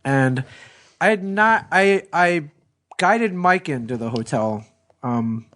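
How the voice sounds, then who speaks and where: A man's voice: fairly high pitch, animated, slow pace, fairly bright tone. A man in his thirties co-hosting a podcast, telling a rambling story in casual chat and swearing freely. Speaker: podcast co-host.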